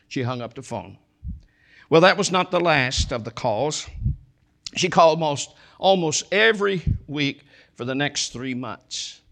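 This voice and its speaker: A male preacher delivering a sermon at a slow, deliberate pace. His voice sits a little high for a man, and he leans on repetition and storytelling to drive each point home. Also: fairly bright tone. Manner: slow, emphatic preaching with repeated phrases and storytelling.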